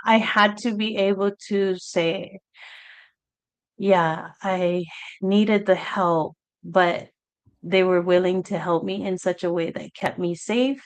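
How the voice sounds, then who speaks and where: Slow, earnest woman telling her story. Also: on the low side, fairly even intonation, clean tone. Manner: halting, earnest, reenacts past talk in quotes. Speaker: guest sharing her story. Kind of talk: personal testimony on a live talk show.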